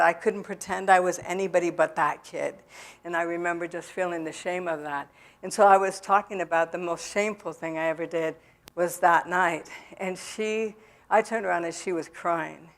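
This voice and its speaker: A middle-aged woman giving a personal testimony in a church, talking candidly and plainly, with many fillers and restarts as she tells her story. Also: lowish voice. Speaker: recovery speaker. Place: church hall.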